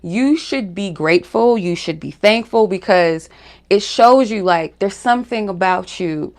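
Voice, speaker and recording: A woman's voice: medium pitch, expressive, a little slow, a little mellow. A woman hosting her spiritual reading channel, talking frankly to camera in a casual monologue full of fillers and asides. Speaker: spiritual reader and channel host.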